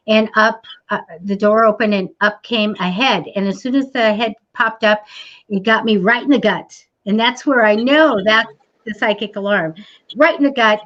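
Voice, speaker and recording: A middle-aged woman hosting a psychic talk show, telling a story in casual chat and acting out the voices of the people in it. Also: medium pitch. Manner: animated storyteller, acts out quoted voices, laughs often. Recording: muffled lo-fi online stream audio.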